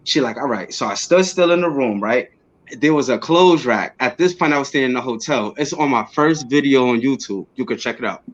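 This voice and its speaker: A man talks as a guest in a casual interview. His voice sits in an ordinary middle pitch. He tells his story animatedly, jumping into quick, excited re-enactments of his own past words. The audio is a little muffled and lo-fi. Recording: slightly dull lo-fi audio.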